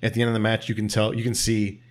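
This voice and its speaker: A man co-hosting a casual chat, talking quickly and swearing, with loud animated bursts. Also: on the low side. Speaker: podcast co-host. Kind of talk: casual chat about wrestling.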